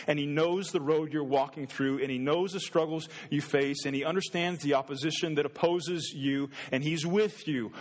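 A man preaching a sermon as a pastor, earnest and conversational, often restarting his words. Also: on the high side. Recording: long reverb in a hall.

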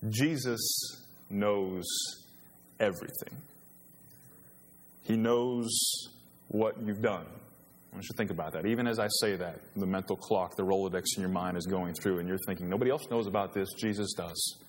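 A man's voice: low voice, fairly even intonation, normal speed, a little hiss or hum. A man preaching a sermon as pastor, earnest and growing emphatic in a church. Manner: earnest, rising to emphatic when quoting scripture. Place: church sanctuary. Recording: long reverb of a church hall.

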